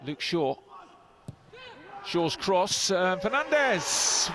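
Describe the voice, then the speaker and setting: A man giving live football commentary, bursting into excited shouts at goals. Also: high-pitched, very slow, pauses often. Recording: broadcast commentary over loud crowd noise. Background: stadium crowd.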